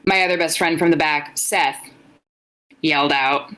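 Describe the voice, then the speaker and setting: A young woman co-hosting a casual podcast, reading fan fiction aloud in a dry, blunt, joking way. Her voice sits low but has a bright, hard edge to it. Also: unhurried, low-quality recording. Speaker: podcast co-host.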